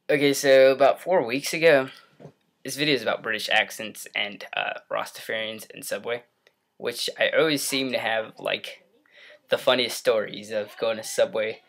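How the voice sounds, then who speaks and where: Speaking at a normal speed in a medium-pitched voice, this young vlogger addresses his computer from his bedroom. He tells a rambling story, keeps cutting himself off, and laughs frequently, all captured on the computer's microphone.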